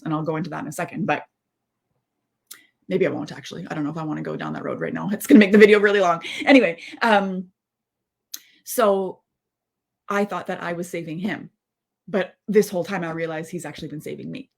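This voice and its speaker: A woman's voice: lowish voice, steady tone, fast talker, vocal fry. Rambling heartfelt woman in her thirties. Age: 30s. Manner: rambling, heartfelt, full of asides and restarts. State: close to tears. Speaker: spiritual mindset coach. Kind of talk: candid live-stream monologue.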